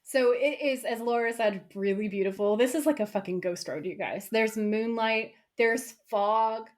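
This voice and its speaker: A woman co-hosting a casual podcast. She retells scenes in animated detail and swears freely. Her talk is loose and conversational. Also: a little high, normal speed. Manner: animated, profane storytelling. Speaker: podcast co-host. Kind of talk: casual episode recap.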